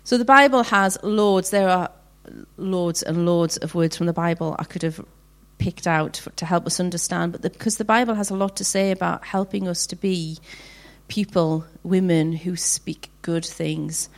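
A middle-aged woman giving a heartfelt devotional talk to women, slowing down to read scripture passages earnestly. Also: fairly low pitch. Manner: heartfelt, earnest, slows down for readings. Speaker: women's ministry speaker.

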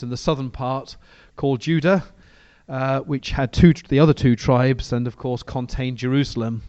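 A man's voice: mid-range voice, darkish tone, dry recording, dull audio. A man preaching a sermon and reading from the Bible, talking in a conversational way with frequent restarts.

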